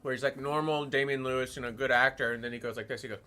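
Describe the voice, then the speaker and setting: A man's voice: mid-range voice, steady tone, racing, pushed and bright, clear, resonant tone. A man hosting a gaming stream, chatting casually with a wry, joking storytelling manner. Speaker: streamer host.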